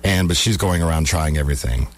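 Rumbling low and talking fast, a man hosts a radio talk show from the studio. His on-air chat is laid-back, full of lively stories and comic, playful repetition of words.

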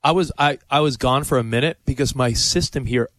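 A man co-hosting a sports radio show, in casual, excitable banter. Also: medium pitch, a little fast, dry recording. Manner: excitable, enthusiastic. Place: radio studio.

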